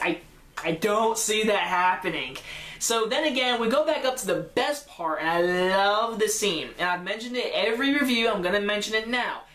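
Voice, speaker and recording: A woman rambles through a movie recap in a mid-pitched voice, gushing and brushing details aside. The sound bounces around an echoey room. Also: fairly bright tone. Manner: rambling, gushing, often trails off with "whatever". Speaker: movie reviewer.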